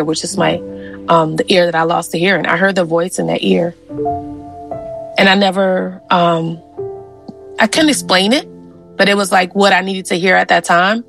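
A woman's voice: fairly low pitch, creaky, fairly bright tone, rough recording. A woman from Louisiana telling personal family history stories in an interview, earnest and conversational with many fillers. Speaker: genealogist and interviewee.

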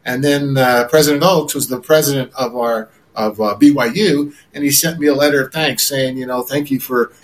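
An older man, a former quarterback, recalls his playing days in a relaxed interview, often repeating words and filling pauses. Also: medium pitch, rough recording. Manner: rambling, repeats words, many fillers.

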